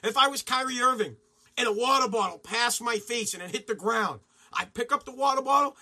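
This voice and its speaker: A man hosting a profane, mocking sports rant, sometimes shouting and mimicking others. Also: very high voice, a little fast. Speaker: sports commentary host. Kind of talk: ranting sports commentary.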